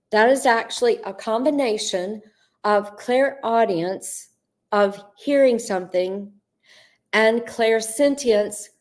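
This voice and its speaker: A woman's voice: on the high side, darkish tone. Middle-aged woman answering viewer questions live, earnest, stretches words out for emphasis, calls people by name. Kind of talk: live Q&A, spiritual coaching talk.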